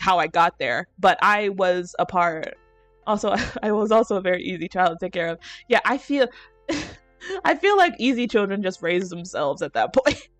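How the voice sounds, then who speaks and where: A woman's voice: medium pitch, no room sound. A young adult woman chatting on a casual stream, telling rambling stories, laughing often and swearing casually. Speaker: VTuber streamer.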